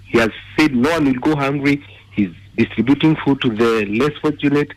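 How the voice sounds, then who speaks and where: A man's voice: mid-range voice, moderate pace, rough recording. A man with a Kenyan accent calling in to a radio show, indignant and angry, firing repeated rhetorical questions. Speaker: caller. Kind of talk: call-in radio rant.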